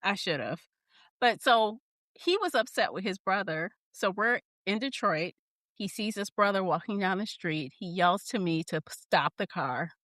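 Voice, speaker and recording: A woman's voice: medium pitch, a little slow, dry recording, clean studio sound. A woman co-hosting a casual book podcast, telling stories with acted-out quotes, frequent laughs and swearing. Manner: animated storyteller, acts out quotes, swears and laughs. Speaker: podcast co-host.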